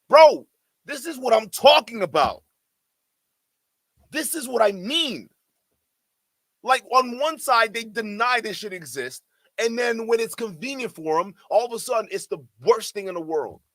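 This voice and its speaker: A man reacting to clips on a stream, excitable and mocking, often repeating himself and swearing. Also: high voice, measured pace, long pauses, dry recording. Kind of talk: casual reaction commentary.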